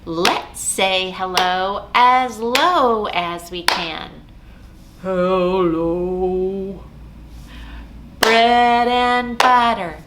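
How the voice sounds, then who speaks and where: A woman leading a children's storytime as a librarian, singing songs and chanting rhymes in a slow, sing-song way. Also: on the high side, very noisy. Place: library program recorded at home.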